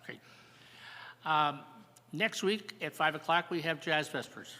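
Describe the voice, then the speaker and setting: An older man hosting a live church jazz service, announcing events and telling a folk story in a folksy, halting way. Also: a little high, bright, forceful tone. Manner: folksy, halting, with fillers and repeats. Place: church sanctuary. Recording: live church broadcast with long reverb.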